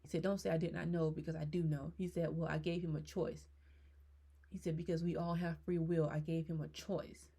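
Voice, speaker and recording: A woman tarot reader in a casual monologue, passing on messages she says she receives, in rambling, hesitant speech that grows animated when she gets excited. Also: low-pitched, a little fast, breathy edge. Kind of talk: casual spiritual channeling monologue.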